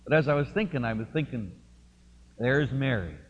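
A man preaching a sermon as pastor, telling a story with impassioned swings between loud and hushed. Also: mid-range voice, lively intonation, moderate pace, a little hiss or hum. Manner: impassioned storytelling, rising and falling. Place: church. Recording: lo-fi recording in a reverberant church.

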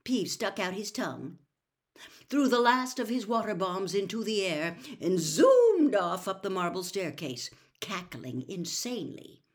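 A woman narrating a children's fantasy novel aloud, expressive and lively. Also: medium pitch, measured pace. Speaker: storyteller. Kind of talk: audiobook reading.

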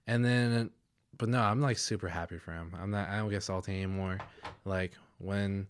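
Young guy with a lowish voice just rambling casually about stuff, lots of likes. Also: fairly even intonation, normal speed, a little hiss or hum. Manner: rambling, many restarts and "like"s. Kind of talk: casual chat.

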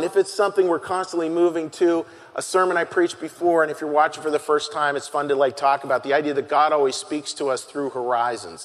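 A male pastor delivers a sermon in an earnest, halting way, pausing and repeating his key phrases. His voice sits a touch high for a man. The sound rings with a long reverb, as in a large hall.

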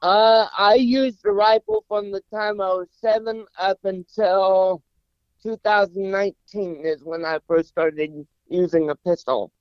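Man in his 40s, high pitch, dry close sound, slightly muffled; animated, humorous storyteller. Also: a little slow, smooth, no echo. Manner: animated, repeats words when starting sentences. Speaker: guest.

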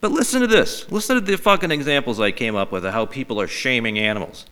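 Animated, bright-voiced man ranting on a podcast. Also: mid-range voice, quick pace, smooth. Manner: profane, animated, mock-outraged. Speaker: podcast host. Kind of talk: casual comedic podcast rant.

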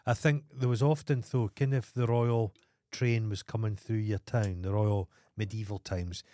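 A man's voice: on the low side, steady tone, normal speed, dark tone, no echo. Sweary Scottish man ranting. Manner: blunt, heavy swearing, ranting. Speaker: podcast co-host. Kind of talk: casual chat.

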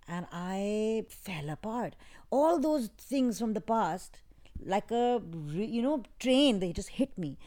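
A woman as an interview guest, talking in a soft, halting, reflective way with many restarts. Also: mid-range voice. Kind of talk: emotional personal interview. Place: in England.

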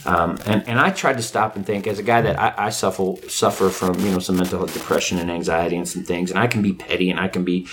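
A man in casual chat, an animated storyteller who laughs often. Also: deep voice, fast, few pauses, a little hiss or hum. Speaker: comedian.

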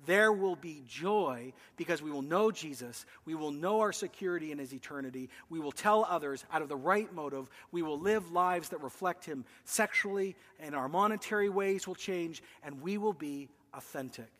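A male pastor preaching a sermon, emphatic, swinging between loud declarations and hushed asides. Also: a little high, expressive, normal speed, hardly any pauses, big-room sound. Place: church.

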